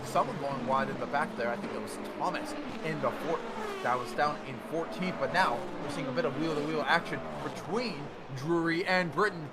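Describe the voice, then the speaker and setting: A man calls a racing game event in a high, energetic voice, jumping into excited bursts as the action unfolds. His commentary sits over a noisy stream mix with clear engine sound from the game running behind him. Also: a little fast. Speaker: race commentator.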